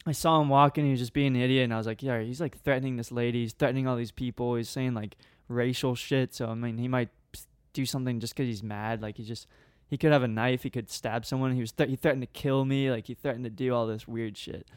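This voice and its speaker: A young man casually telling a long funny story on a podcast, animated and laughing often. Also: mid-range voice, fast talker, hardly any pauses, smooth, dry recording, studio quality. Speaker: podcast co-host.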